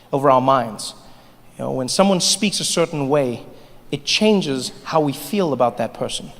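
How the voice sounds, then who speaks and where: A man performing stand-up, telling stories animatedly and slipping into voices. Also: on the high side. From South Africa. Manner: animated storytelling, does voices. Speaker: stand-up comedian. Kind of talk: stand-up comedy set. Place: stage in a large hall. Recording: reverberant hall, faint ambience.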